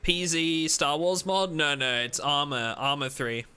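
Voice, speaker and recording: A man's voice: on the high side, a little slow, pushed and bright, clear, resonant tone, soft background music. A man hosting a game live stream, chatting casually and rambling, joking with his viewers and cutting himself off mid-sentence. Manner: rambling, self-interrupting, joking with chat.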